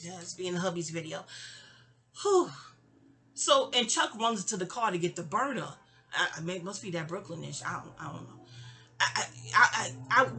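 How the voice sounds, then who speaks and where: A woman's voice: mid-range voice, sharp tone. A woman, telling a personal story in a casual, rambling audio-diary style, stammering and restarting and acting out quoted lines.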